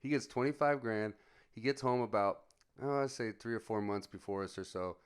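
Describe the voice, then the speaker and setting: A man's voice: on the low side, brisk, smooth. A man in his forties telling army stories in casual chat, profane and laughing, acting out the quotes. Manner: profane, laughing storyteller who acts out quotes. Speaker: podcast co-host.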